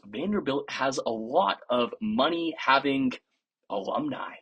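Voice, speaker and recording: Man, husky voice, pitch swings a lot, podcast host, opinionated sports talk, playful sarcasm. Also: animated, unhurried, a bit bright. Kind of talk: casual sports commentary.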